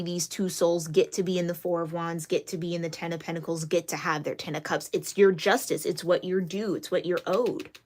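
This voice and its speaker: A woman giving a casual tarot reading, chatty and excitable, with many fillers and restarts. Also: mid-range voice. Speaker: tarot reader.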